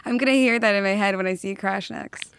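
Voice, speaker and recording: Female podcast guest, relaxed, laughs easily, dry recording. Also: medium pitch, fast, clean tone, no echo. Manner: easygoing, laughs often, brief replies. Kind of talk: casual chat.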